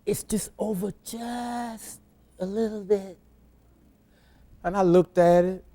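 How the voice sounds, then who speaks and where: A middle-aged male pastor preaches by telling a humorous personal story in an easy, conversational way. His voice sits on the higher side and he speaks slowly. He often stumbles over a word and starts again. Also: steady tone, warm tone. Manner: humorous, repeats and restarts words.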